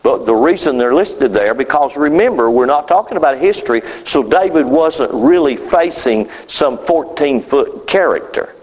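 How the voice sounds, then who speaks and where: A man's voice: lively intonation, a little mellow. A man preaching a sermon, emphatic and drawn out, with sudden rises and falls in his voice. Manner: emphatic, drawn-out phrasing with sudden pitch swings. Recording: dull sound with long hall reverb.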